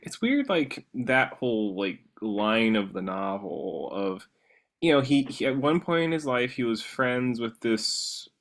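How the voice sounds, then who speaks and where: A man in a casual book discussion, rambling through plot points with frequent fillers and false starts. His voice sits at a middle pitch, relaxed and conversational. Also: measured pace. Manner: rambling, many fillers and restarts. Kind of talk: casual chat.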